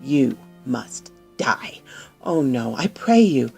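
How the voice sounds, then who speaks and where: A deep, hoarse, menacing nobleman who kills his wives, put on by a woman storyteller. He draws his words out slowly with a rough, gravelly edge. The delivery lands low and threatening, in the manner of a spoken storybook. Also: very animated, warm tone, faint music behind, heavily acted. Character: menacing nobleman wife-killer, cold and threatening. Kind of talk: storybook narration with acted voices.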